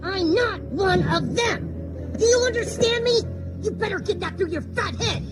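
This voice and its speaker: A woman's voice: very high-pitched, normal speed, music in the background. An actress playing a volatile young woman who speaks in an intense, threatening way. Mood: furious. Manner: intense, threatening, then shaky.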